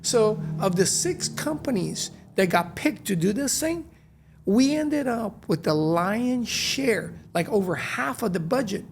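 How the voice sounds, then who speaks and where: A man telling stories as an interview guest, lively and acting out the dialogue he recalls. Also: high-pitched, a little slow, creaky, slight background noise. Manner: lively, acts out quoted dialogue. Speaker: guest, restaurant co-founder. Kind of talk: animated storytelling in conversation.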